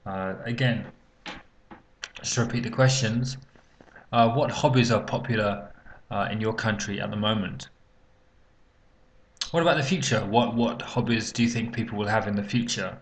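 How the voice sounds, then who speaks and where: Gravelly-voiced man explaining exam feedback. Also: fairly low pitch, moderate pace, pauses often. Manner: hesitant, many fillers and restarts, occasional coughs. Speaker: English exam teacher. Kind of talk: unscripted spoken lesson.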